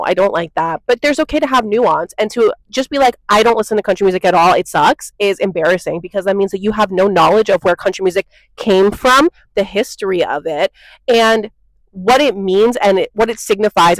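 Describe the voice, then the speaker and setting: A young woman talks straight into her phone, blunt and exasperated as she rants her opinions. Her voice sits at a middling pitch, and the sound is dry and close with no room around it. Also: no echo, poor audio. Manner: blunt and exasperated, lots of "like" and "okay?". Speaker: vlogger. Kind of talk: casual opinion rant to camera.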